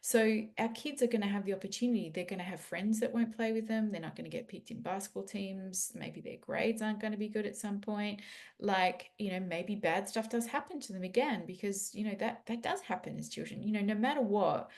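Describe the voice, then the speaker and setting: A woman's voice: mid-range voice, brisk, darkish tone. A middle-aged woman, a parenting educator answering podcast questions in an earnest, explaining way.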